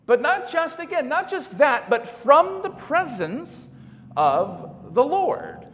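A man preaching a sermon as pastor, speaking in an animated way and asking his congregation rhetorical questions. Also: very high-pitched, slow. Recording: long hall reverb.

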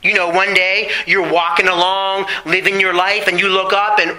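A middle-aged man preaching a sermon, asking the congregation questions and slowing down on key phrases. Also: high-pitched, pushed and bright, rough recording. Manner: preaching with rhetorical questions and emphatic slow phrases. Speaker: pastor.

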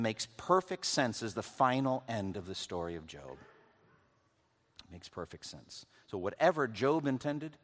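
A man's voice: fairly low pitch, sing-song, a little slow. A man preaching a sermon as pastor, reading scripture aloud with conversational, wry asides to the congregation. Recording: long reverb of a large hall.

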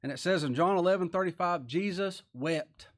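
A man preaches in a folksy, animated way with a slightly high voice. He reads scripture slowly and with weight, then drops to quiet asides. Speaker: pastor. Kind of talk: sermon.

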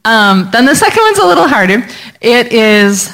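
A woman speaking as a missionary guest to a church congregation on a handheld mic in a church hall, encouraging and quick to laugh. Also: on the high side, very animated, a bit bright. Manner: slows down to teach pronunciation.

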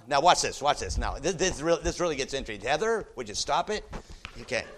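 A man preaches a sermon in church at a fairly quick pace, telling a story with animated energy and shifting between quiet, low asides and loud, excited exclamations.

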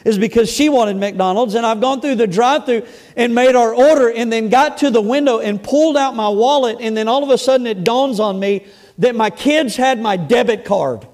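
Male pastor, middle-aged, high voice, conversational sermon, humorous asides, church. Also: normal speed, a little mellow. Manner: reads scripture aloud, then comments with asides and humor; storytelling, conversational, with restarts. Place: church sanctuary.

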